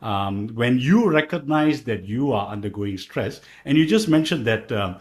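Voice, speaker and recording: Male podcast host, halting, lots of ums and uhs, interview questions. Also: mid-range voice, lively intonation. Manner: hesitant, many fillers.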